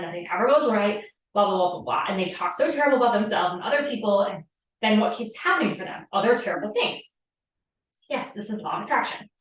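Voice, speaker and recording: A woman hosting a live spiritual coaching talk, chatty and profane, with many fillers. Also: mid-range voice. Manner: casual, profane, filler-heavy with frequent "like". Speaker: podcast host and manifestation coach. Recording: echoey room, distant from the mic.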